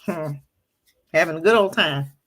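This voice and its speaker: A woman co-hosting an online talk radio show, reacting to a clip with animated, emphatic indignation. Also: low-pitched, moderate pace. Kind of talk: casual opinion talk, commenting on a played clip.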